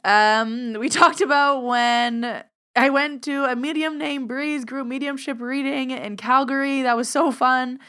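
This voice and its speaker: Smooth-voiced woman hosting a heartfelt recap. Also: sits high, steady tone, a little slow, a bit bright. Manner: heartfelt and reflective, chatty. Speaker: podcast host and medium. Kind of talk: solo podcast year-end recap.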